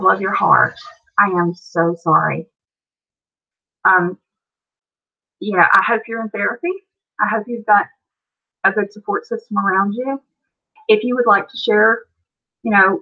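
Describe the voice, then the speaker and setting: Chatty Appalachian American woman, lo-fi stream. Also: mid-range voice. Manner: chatty, reads and answers viewer comments. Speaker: live stream host. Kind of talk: casual live stream chat.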